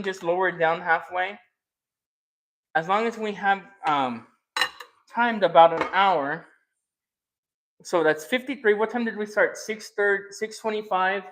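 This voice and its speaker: A man chatting casually while he cooks on camera, thinking out loud and teasing his viewers. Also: high-pitched. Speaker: cooking and eating vlogger. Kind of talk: casual chat while cooking.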